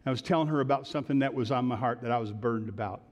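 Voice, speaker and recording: A man's voice: medium pitch, racing, darkish tone, long reverb tail. A man preaching a sermon in an earnest, conversational storytelling way, lifting into emphatic prayer. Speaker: pastor.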